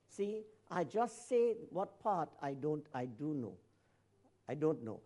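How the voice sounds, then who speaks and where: A man preaching a sermon to a congregation. He swings from shouted emphasis to quiet asides, and he often corrects himself and repeats phrases. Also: sits high.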